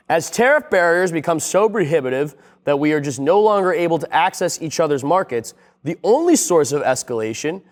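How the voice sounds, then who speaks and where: A young man hosting a casual comedic video essay, rambling and sarcastic, with plenty of swearing. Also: fairly high pitch. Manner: profane, rambling, sarcastic storyteller.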